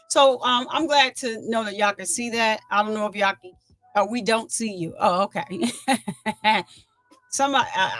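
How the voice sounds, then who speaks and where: A woman hosting a casual livestream, talking indignantly and chatting with her viewers. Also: mid-range voice. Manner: animated, indignant, chats with viewers. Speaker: livestream host.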